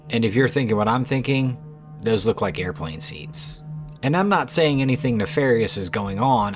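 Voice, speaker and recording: A man narrating trail cam clips in a scripted, conversational way with skeptical asides. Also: on the low side.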